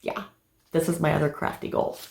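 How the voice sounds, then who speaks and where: A middle-aged woman chatting casually to camera as a crafting vlogger, telling stories in a lively, animated way with plenty of fillers. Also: sits low, brisk, vocal fry, echoey room, a little hiss or hum.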